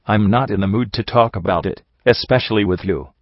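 A shaken young male pony speaks in brittle, halting phrases, as a man reads him. His voice sits low and subdued. The recording is dry and a little muffled. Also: dry recording. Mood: cross. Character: shy traumatized young male pony stallion. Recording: dull, dry home recording.

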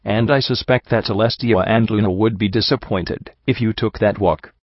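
A man voicing a calm, sorrowful male pony priest in an audiobook reading, speaking in a measured, gently reasoning way. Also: lowish voice, dry recording. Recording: dull lo-fi dry recording.

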